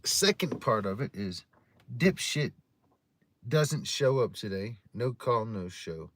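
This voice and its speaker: Drinking a beer as he chats, a man tells stories to his livestream audience in a rambling, heavily profane style. His medium-pitched voice is animated and slow-paced, with background noise audible behind him.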